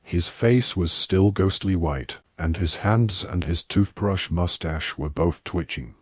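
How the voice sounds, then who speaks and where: Man, audiobook narration, deep voice, husky, dry close sound. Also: darkish tone, no echo. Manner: measured storytelling.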